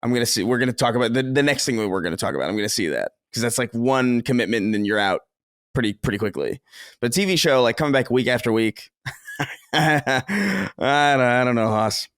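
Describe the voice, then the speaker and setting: A man co-hosting a podcast in casual chat, sardonic and quick to swear. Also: mid-range voice, clear, resonant tone, dry recording, clean studio sound. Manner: animated, sardonic, swears freely. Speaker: podcast co-host.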